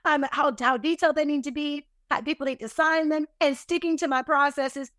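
High-voiced animated businesswoman. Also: a little fast, dry recording, clean studio sound. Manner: animated, emphatic, self-deprecating. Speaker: podcast guest, business owner. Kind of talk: casual interview storytelling.

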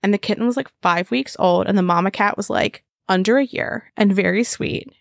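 A woman's voice: medium pitch, a little fast, creaky, no room sound. Woman podcast co-host, laughs a lot, playful riffing, dry sound. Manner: giggly, playful, rambling. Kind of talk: casual chat.

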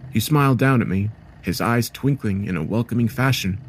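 A man with a low voice narrates a scary story in a calm, measured first-person telling. A faint hiss sits underneath the recording. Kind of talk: scripted horror story narration.

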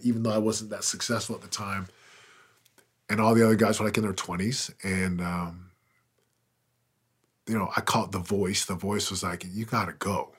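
A man in his forties, a guest on a podcast, tells his story earnestly and emphatically, with intensity swelling as he goes. His fairly low voice has a breathy edge and little pitch movement, at normal speed with frequent pauses, in a conversational interview.

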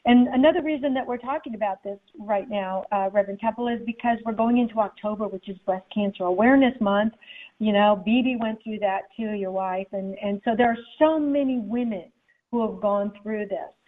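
A woman's voice: mid-range voice, brisk. A woman, a guest author, telling a personal story in an interview and acting out the people in it. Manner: animated, acts out the people in her story. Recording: tinny phone-like line.

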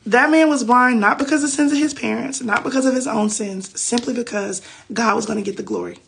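A woman with a fairly high, creaky, husky voice hosts a faith podcast over a phone livestream. She gives casual Bible teaching in a chatty, preachy way, sprinkled with loose slang.

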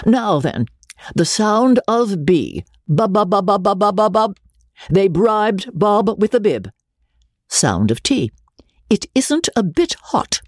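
A woman voicing a fussy, exacting theatrical elocution teacher with husky, drawn-out enunciation. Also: mid-range voice, big pitch swings, dry recording, studio quality, voice pushed up. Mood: drilling. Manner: drilling, exaggerated enunciation. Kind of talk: audiobook reading.

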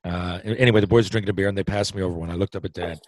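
This Newfoundland man, a podcast guest with the local accent, spins a lengthy hockey tale full of restarts, casual cursing and easy laughter, interrupting himself as he rambles. He speaks very fast in a low, darkish voice with fairly even intonation. The audio is rough.

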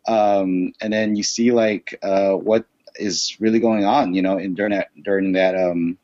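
Young man, low voice, casual and rambling with lots of fillers, blunt and profane; dull, dry lo-fi recording. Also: fairly even intonation, a little slow, darkish tone, dry recording. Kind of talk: casual conversation.

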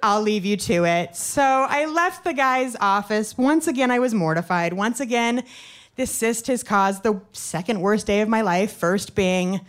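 A woman with a high voice tells a personal story on stage. She talks fast and chatty, piles on fillers and pokes fun at herself. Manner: quick, self-deprecating, chatty with many fillers.

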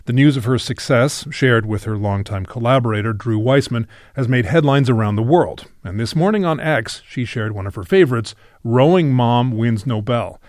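A man's voice: mid-range voice, moderate pace, few pauses, darkish tone, no room sound, clean studio sound. A man hosting a radio program, reading scripted introductions with playful delivery. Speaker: radio host.

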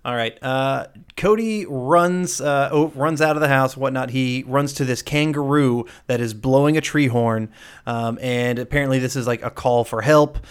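A man hosts a podcast in a loose, conversational way, picking apart a film scene by scene. He is blunt and swears without a second thought. His voice sits in an ordinary middle pitch. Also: moderate pace, clean tone. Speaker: podcast host. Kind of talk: casual movie breakdown chat.

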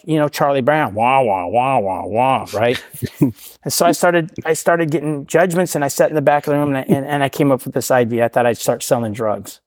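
A man's voice: mid-range voice, a little mellow, no room sound, studio quality. A middle-aged man, a podcast guest, telling his recovery story casually, often tagging "right?" and laughing at himself.

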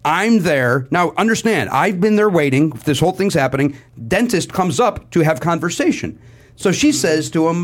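Animated man telling a comic story. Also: moderate pace. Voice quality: voice that carries, a little edge. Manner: animated, jumps into high voices for quoted people. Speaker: podcast regular telling a story. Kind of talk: casual comedic storytelling.

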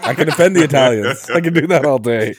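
Goofy lively-voiced man. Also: mid-range voice, quick pace, a crowd in the background. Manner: goofy, jumps into silly bits. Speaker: podcast co-host. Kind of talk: casual movie discussion.

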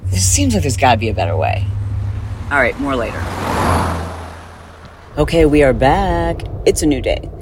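A chatty podcast host, a woman with an extremely low voice, talks at normal speed with long pauses, rambling and animated. A slight lisp from dental work colors her words. It's a casual chat recorded on the go in a car, with heavy background noise.

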